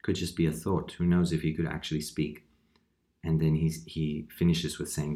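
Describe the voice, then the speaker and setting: Deep-voiced male host, calm and reflective. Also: slightly rough. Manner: unhurried reflective storytelling. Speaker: podcast host. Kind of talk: horror comics podcast monologue.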